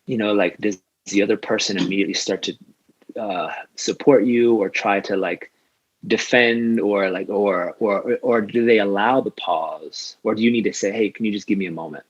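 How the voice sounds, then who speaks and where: Brief: male guest coach, low husky voice, earnest and emphatic delivery. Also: dry recording, dull audio. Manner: earnest, spiritual, slow and emphatic. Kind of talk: casual conversation.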